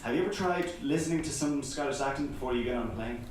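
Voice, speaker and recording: A man's voice: medium pitch, fast talker, slight background noise. A young man in his twenties doing a self-deprecating stand-up set, laughing through his jokes, from far off in an echoey room. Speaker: student stand-up comedian.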